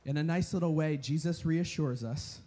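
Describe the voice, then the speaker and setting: A young man giving a storytelling sermon at a retreat, animated and chatty with lots of filler words. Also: on the high side, moderate pace, a little hiss or hum. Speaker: retreat speaker.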